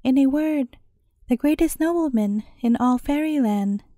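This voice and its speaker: Woman storyteller, bedtime story narration, high mellow voice, gentle and measured, dry close sound. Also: no room sound.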